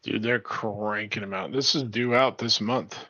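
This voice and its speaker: A man's voice: fairly low pitch, fairly even intonation, unhurried, pushed and bright, no echo. A man co-hosting a podcast, chatting in an easygoing, agreeable way. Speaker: podcast co-host. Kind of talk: casual chat. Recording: dull lo-fi mic.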